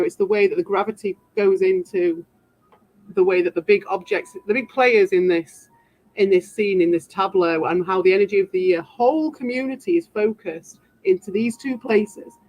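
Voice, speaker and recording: A woman's voice: medium pitch, darkish tone. A British woman livestreaming and answering her chat, rambling defensively and tossing in sarcastic asides. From Britain. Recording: dull lo-fi sound.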